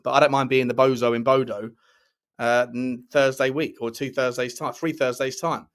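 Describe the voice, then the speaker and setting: A man's voice: mid-range voice, level tone, moderate pace. A man hosting a casual football live stream, reading out chat messages and giving rambling, opinionated takes. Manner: chatty, opinionated, rambling with restarts.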